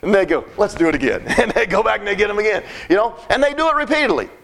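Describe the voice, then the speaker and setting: High-voiced man preaching a folksy sermon. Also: very animated, racing, fairly bright tone. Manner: folksy, emphatic, repeats words.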